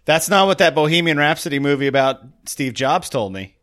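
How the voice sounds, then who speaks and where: A man's voice: on the high side, lively intonation, fairly quick, fairly bright tone. Rambling man hosting a casual chat. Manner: rambling, self-interrupting. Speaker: podcast host.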